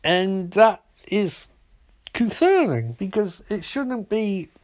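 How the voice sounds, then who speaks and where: A man's voice: high voice, sing-song, slow pace, darkish tone. A man casually recapping and reviewing a TV episode, rambling and swearing freely, with plenty of fillers. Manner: profane, rambling, lots of fillers.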